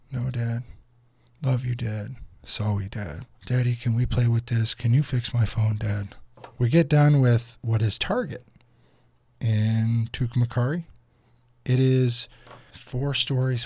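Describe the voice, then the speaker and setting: A man in his thirties telling a road trip story to camera as a vlogger and father, swearing freely and acting out what people said. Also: mid-range voice. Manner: profane, animated, acts out quotes. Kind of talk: casual storytelling.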